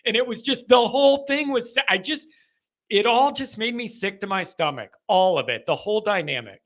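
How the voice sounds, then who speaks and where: A man hosts a live call-in chat, his voice pitched high and bright. He talks in a frustrated, rambling way and often breaks off to restart his sentences. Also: animated, moderate pace. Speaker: podcast host.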